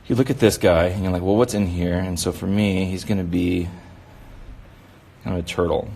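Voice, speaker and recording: A man's voice: low-pitched, fairly even intonation, normal speed, gravelly, mellow, breathy edge. A man running a casual drawing demonstration for kids, rambling and encouraging, with lots of filler words. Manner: rambling, encouraging, full of "you know" fillers. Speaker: kids' drawing instructor.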